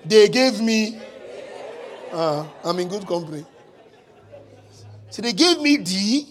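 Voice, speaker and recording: A man's voice: high-pitched, sing-song, takes it slowly, some chatter behind. A man preaching a sermon as pastor, mixing humorous asides with dramatic retellings and bold declarations.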